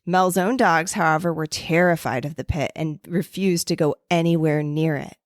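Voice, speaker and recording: A woman's voice: deep voice, fairly even intonation, moderate pace, no room sound, clean studio sound. A woman co-hosting a casual storytelling podcast, reading her notes aloud and breaking off into offhand, swearing asides. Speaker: podcast co-host.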